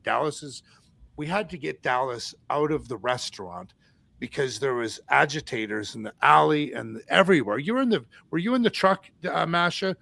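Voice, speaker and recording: A man from Canada hosting a casual chat, rambling through animated stories and acting out quoted voices. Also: mid-range voice, vocal fry, dry recording. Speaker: podcast host.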